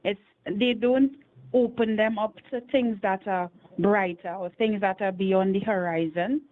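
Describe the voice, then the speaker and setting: A woman's voice: medium pitch, measured pace. A woman from Trinidad and Tobago, calling in to a talk show and earnestly laying out her points one by one. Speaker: caller. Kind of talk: call-in opinion over the phone. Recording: tinny phone line.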